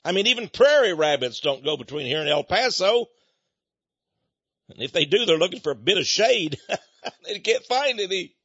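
An older man with a Texan accent, hosting a folksy, emphatic monologue that rises to loud peaks. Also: high-pitched, big pitch swings, moderate pace, long pauses, husky, no room sound. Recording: dull lo-fi recording.

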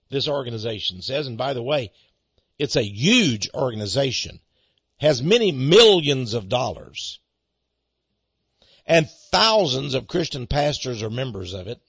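A man's voice: mid-range voice, big pitch swings, unhurried, fairly bright tone, breathy edge, dry recording. A male pastor giving a folksy, storytelling sermon on a dull, lo-fi recording. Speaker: pastor and ministry head. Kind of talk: radio sermon monologue.

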